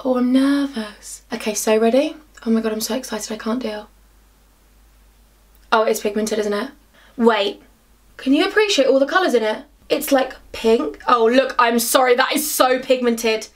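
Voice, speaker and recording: A young woman chats through a makeup challenge in her bedroom. Her voice sits slightly high, and she gushes and talks to herself as she works. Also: normal speed. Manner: bubbly, gushing, talks to herself. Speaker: beauty vlogger. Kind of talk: excitable makeup vlog. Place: home bedroom.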